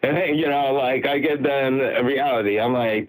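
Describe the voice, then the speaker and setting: A man's voice: mid-range voice, moderate pace, rough recording. A middle-aged man calling into a talk show, chatting casually and stammering as he starts his points. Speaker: caller. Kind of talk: casual phone-in chat.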